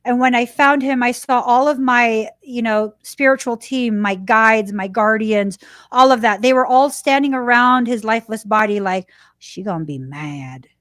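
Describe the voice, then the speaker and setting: A woman hosting a podcast, talking through a personal story in a casual, animated way and slipping into little laughs. Her voice sits on the higher side. It is recorded close and dry, with no room sound. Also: normal speed, clear, resonant tone, no echo. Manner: animated, chatty, laughs while telling. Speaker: podcast host.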